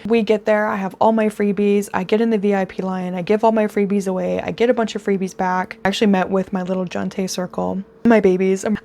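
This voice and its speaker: A woman in her twenties telling a storytime vlog, gushing and excitable, speeding up in rapid bursts. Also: mid-range voice. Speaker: vlogger.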